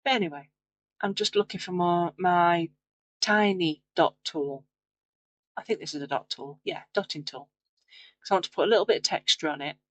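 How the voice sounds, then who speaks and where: On the low side and speaking at normal speed with frequent pauses, a craft video host narrates her clay crafting in a casual voice-over. It's late, she's tired, and her talk is rambling, chatty, and self-deprecating, captured in a low-quality recording.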